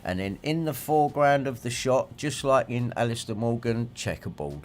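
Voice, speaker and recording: A man's voice: medium pitch, expressive, moderate pace, slight background noise. Swearing ranting man. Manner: swearing, rambling, indignant, reacts to viewer comments. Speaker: livestream host. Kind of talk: ranting livestream monologue.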